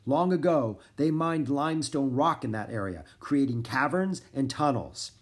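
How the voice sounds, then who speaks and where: A man reading aloud and voicing a grave, gruff older farmer in a storybook. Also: lively intonation, moderate pace, close to an everyday voice. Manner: grave, commanding, booming at times.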